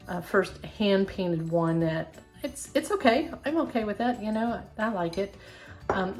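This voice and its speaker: Chatty older woman teaching a craft. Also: lowish voice. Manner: chatty, self-deprecating, encouraging. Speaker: craft channel host. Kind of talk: casual craft tutorial.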